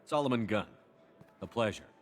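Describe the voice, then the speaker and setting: A man voicing a calm, measured male military commander in a video game. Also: on the low side, close to an everyday voice.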